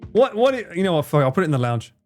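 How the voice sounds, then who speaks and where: A man's voice: high voice, very animated, very fast, darkish tone, soft background music. A man hosting a live stream in casual chat, reading chat, laughing often and swearing freely. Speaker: livestream host.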